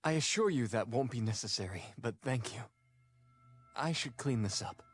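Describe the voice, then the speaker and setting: An actor playing a weary, courteous ghost groom who speaks in a formal, polite and measured way. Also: male voice, mid-range voice, animated, slightly rough, soft background music.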